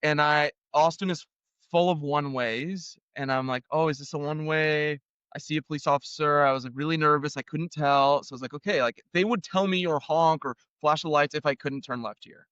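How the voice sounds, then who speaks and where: A young Canadian man tells a story in a relaxed, chatty way and slips into other people's voices as he goes. His voice sits a bit high for a man and sounds smooth and crisp. It is recorded close and dry, with a slightly dull tone. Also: a little fast, no room sound. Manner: animated, acts out others' voices in quotes. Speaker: guest. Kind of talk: casual storytelling.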